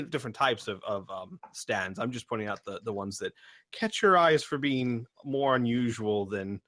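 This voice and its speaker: A man's voice: medium pitch, moderate pace, a bit bright, dry recording. A man narrating as game master, rambling with many fillers.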